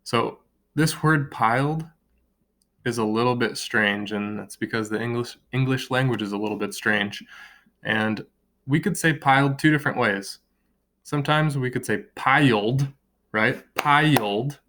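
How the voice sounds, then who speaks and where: A young man teaching a recorded lesson to children, explaining patiently and slowly drawing out words to count their beats. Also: mid-range voice, a bit bright. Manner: slow, drawn-out word clapping and counting; friendly, patient classroom explaining.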